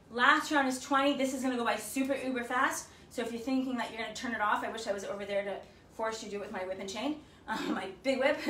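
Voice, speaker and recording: A woman fitness instructor leading a home workout, counting reps out loud and cheering her class on. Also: a little high, far from the mic, a little hiss or hum. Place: her home, echoey room. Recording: echoey room, mic from afar.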